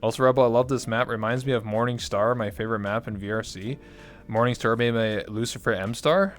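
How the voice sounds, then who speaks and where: A man's voice: medium pitch, steady tone, a little fast, soft background music. A man hosting a livestream, chatting casually in a rambling, jokey way. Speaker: livestream host. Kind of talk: casual chat.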